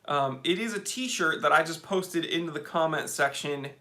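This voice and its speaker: A man's voice: a little high, normal speed, bright, forceful tone. Upbeat chatty man hosting a live stream. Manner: upbeat, chatty, rambling with frequent fillers. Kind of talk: casual live stream chat, reading out viewer comments.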